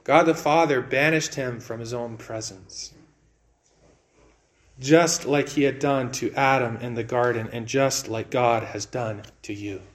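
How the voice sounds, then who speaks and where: A man preaching a sermon in an earnest way, repeating words and swinging between raised and hushed delivery. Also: mid-range voice, a little slow.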